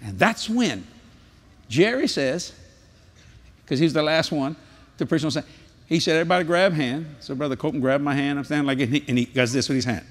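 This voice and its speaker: Older man, preacher, folksy animated delivery, higher-pitched voice. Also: a little fast, pauses often. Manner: folksy, animated, drawling storyteller. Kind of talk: sermon with storytelling and prayer. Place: large convention hall.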